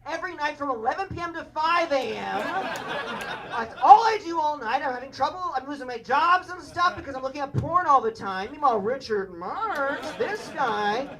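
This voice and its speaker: A man's voice: extremely high pitch, animated, normal speed. A man doing a stand-up set on a club stage, with an awkward, rambling, confessional delivery. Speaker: stand-up comedian. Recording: live club recording with crowd. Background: audience laughter.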